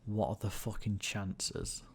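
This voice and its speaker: A man's voice: on the low side, a little slow, gravelly, slightly rough. A tired, yawning man muttering and swearing to himself as he comments on his own gameplay during a livestream. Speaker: gaming livestreamer.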